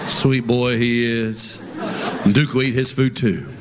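Unhurried and steady in tone, this middle-aged pastor's medium-pitched voice carries a humorous, storytelling sermon delivered conversationally, with background noise present. He preaches in a large, reverberant church hall to a congregation whose crowd sounds come through.

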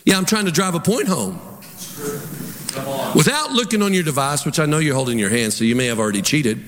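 A man's voice: on the high side, expressive, fairly quick, crowd noise. A man preaching a sermon as pastor, telling stories and firing rhetorical questions at his congregation. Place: church sanctuary. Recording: long hall reverb, audience.

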